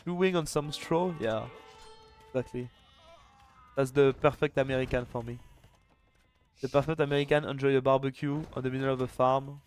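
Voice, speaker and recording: A man casting a live strategy game match, chatty and excitable, with quick restarts. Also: mid-range voice, soft background music. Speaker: esports caster and streamer. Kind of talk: live video game commentary.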